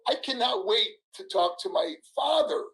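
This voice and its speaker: A man in his sixties telling a story in an interview, animated, laughing, acting out everyone's voices. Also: very high voice, moderate pace, raised voice, rough recording. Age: 60s. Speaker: guest, former wrestler.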